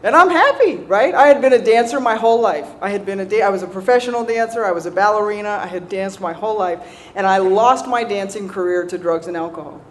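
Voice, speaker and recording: A woman giving a humorous recovery talk to an audience, animated and self-mocking, laughing often and checking in with "right?". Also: medium pitch, fast talker. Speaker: speaker sharing a recovery story.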